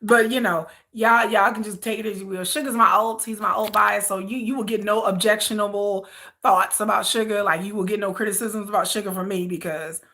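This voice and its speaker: A woman's voice: medium pitch, fairly even intonation, brisk, bright, forceful tone. A woman vlogger chatting casually, ranting with exasperation, repeating herself and answering viewer comments. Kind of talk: casual chat.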